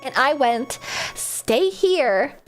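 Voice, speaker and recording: Young female streamer, rambling storyteller; high, bouncy, very expressive pitch; soft music bed. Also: extremely slow. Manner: animated, jumps into high squeals when laughing. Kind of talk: casual chat.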